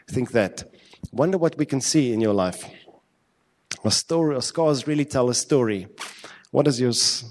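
A man's voice: mid-range voice, a little mellow. A male preacher giving a sermon in a conversational, emphatic way, asking many rhetorical questions. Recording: long hall reverb.

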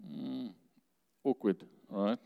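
A man's voice: medium pitch, slow pace, gravelly, narrow, tinny audio. A man preaching a sermon in a conversational way, asking the congregation questions and laughing now and then. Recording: long hall reverb.

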